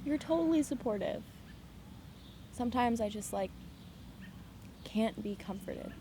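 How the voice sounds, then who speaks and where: An actress playing a moody young woman with a wry, deadpan way of reciting her dark poems. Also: on the high side, unhurried, background noise. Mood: gentle. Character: young woman, moody, poetic, hard to comfort. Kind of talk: film dialogue, reciting a poem. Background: music.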